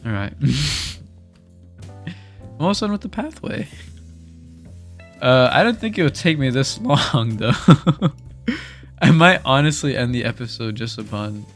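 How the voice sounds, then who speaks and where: A young man chatting casually over gameplay, speaking softly, rambling candidly and laughing often into a desk mic. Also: medium pitch, big pitch swings, measured pace, pauses often, faint music behind. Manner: speaks softly while recording. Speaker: gaming video creator. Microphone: desk microphone.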